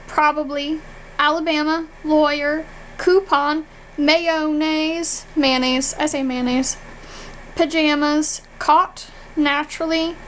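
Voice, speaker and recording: A young American woman with a high, bright-pitched voice talks through an accent challenge in a loose, chatty vlog manner. She rambles, laughs at her own slips and corrects herself as she goes. A faint hum of noise sits under her voice. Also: rough recording. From Virginia, USA. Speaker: vlogger.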